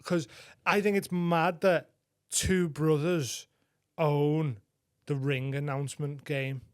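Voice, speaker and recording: A man's voice: fairly high pitch, steady tone, takes it slowly, clean tone. A man co-hosting a comedy podcast, chatting casually and joking about himself. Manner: laughs often, self-mocking. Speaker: podcast co-host.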